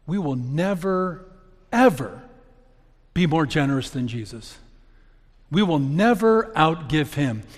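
Slightly high with a darkish tone, the voice belongs to a middle-aged man preaching as pastor. He delivers the sermon like a conversational story, his words trailing into the long reverb of a church hall.

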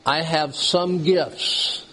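A man's voice: on the high side, steady tone, very slow, bright, forceful tone, a little hiss or hum. A man preaching a sermon, asking the congregation questions as he goes. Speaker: pastor.

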